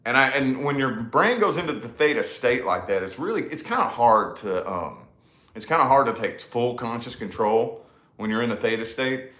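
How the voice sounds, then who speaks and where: Man, casual co-host, cussing storyteller, mid pitch, roomy echo. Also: lively intonation, moderate pace, bright, forceful tone. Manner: loose, profane, drawling storyteller. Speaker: podcast co-host. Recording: echoey room.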